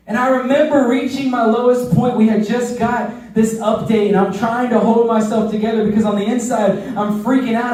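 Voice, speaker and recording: A man's voice: extremely high pitch, a little mellow. A man, a youth pastor, preaching a sermon, telling a personal story in an earnest way and often asking "right?". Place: church service. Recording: echoey hall, voice from far off.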